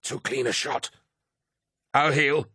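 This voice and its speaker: A man's voice: medium pitch, slow pace, pushed and bright, breathy edge, no room sound, clean studio sound, voice pushed up, heavily acted. A man voicing a wounded male warrior who drawls through his pain, in a storybook reading. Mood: pained, stoic.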